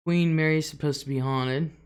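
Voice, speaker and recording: A woman's voice: low voice, steady tone, moderate pace, smooth. A middle-aged woman hosting a casual livestream, reading out viewer comments and laughing often. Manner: chatty, laughs often, drawls some words. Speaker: livestream host.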